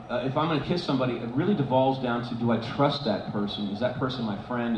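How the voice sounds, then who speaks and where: Man telling stories in an echoey hall. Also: mid-range voice. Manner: animated, laughing storyteller with many restarts. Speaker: convention panel guest. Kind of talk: casual stage Q&A storytelling. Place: convention hall stage. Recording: echoey hall, dull, noisy fan recording.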